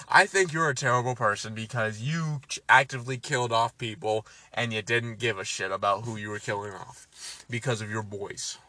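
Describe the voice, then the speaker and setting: A man's voice: lowish voice, pushed and bright, no room sound. A man casually recapping a film, ranting and swearing, exasperated. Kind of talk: casual movie recap chat.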